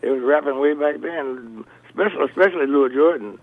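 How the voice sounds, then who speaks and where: An older blues musician talking as a radio interview guest, rambling through stories with many restarts. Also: male voice, fairly high pitch, a little fast. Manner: rambling storyteller, restarts often. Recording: tinny phone line.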